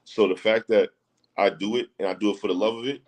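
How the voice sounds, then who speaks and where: This man's lowish, darkish voice holds a steady tone as he talks fast over a rough recording. Guesting on a casual podcast, he's emphatic and repetitive, often asking "you know what I'm saying."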